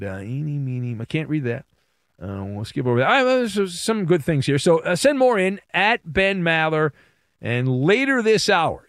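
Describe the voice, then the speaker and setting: A man hosting a sports talk radio show, delivering a playful, animated monologue with exaggerated emphasis. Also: on the high side, no room sound, clean studio sound. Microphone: studio microphone.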